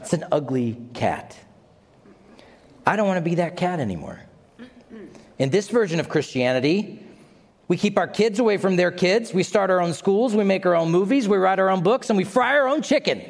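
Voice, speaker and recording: A male pastor delivers a sermon in an animated, dramatic way, putting questions to the congregation. His voice sits fairly high and moves constantly up and down. A long reverb from the hall trails behind every line. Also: normal speed, long pauses.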